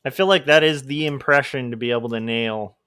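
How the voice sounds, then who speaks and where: A man's voice: mid-range voice, brisk, bright, forceful tone, smooth. A man chats loosely on a livestream while he draws comics, often poking fun at himself. His voice sits mid-range for a man. The sound is dry and close, with no room echo. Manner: rambling and self-deprecating, with laughs. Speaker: livestream host and comic artist. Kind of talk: casual livestream chat.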